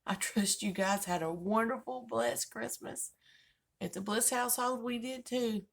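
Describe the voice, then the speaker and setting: Folksy older woman with gravelly voice. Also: fairly high pitch, unhurried. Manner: folksy, joking storytelling. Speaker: vlogger host. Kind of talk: casual chat.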